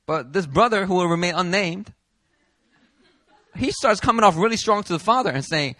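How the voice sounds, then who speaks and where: A pastor telling a story from the pulpit, bright and forceful in tone and fairly high for a man. He acts out each person he quotes with real energy. The sound is dry and close. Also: expressive, normal speed, pauses often, dry recording. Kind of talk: sermon with storytelling. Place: church hall.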